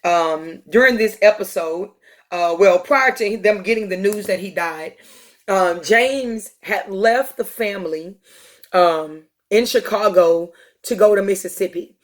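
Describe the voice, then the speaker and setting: A podcast host retells a TV episode in a casual storytelling monologue, conversational and full of ums and uhs. She speaks at a medium pitch and a measured pace.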